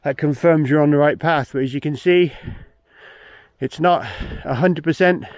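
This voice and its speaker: A man's voice: fairly high pitch, normal speed, a little mellow, dry recording. A man vlogging hiking tips outdoors on a mountain trail, slightly out of breath, giving plain practical advice and repeating his main points. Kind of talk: outdoor vlog with tips to camera.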